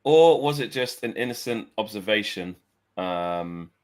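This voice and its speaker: A man's voice: fairly low pitch, animated, unhurried. A man co-hosting a casual fan podcast, bantering and reading messages aloud.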